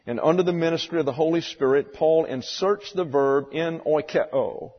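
A man teaching a Bible lesson in sermon style, slow and methodical, spelling out Greek words letter by letter. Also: fairly high pitch. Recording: dull lo-fi recording with long hall reverb.

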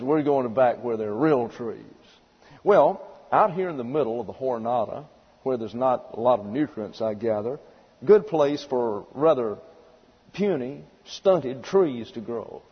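A man's voice: mid-range voice, breathy edge. A man giving a Bible teaching sermon in a folksy storytelling manner, spelling out words as he explains. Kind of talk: sermon lecture. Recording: dull lo-fi recording with long hall reverb.

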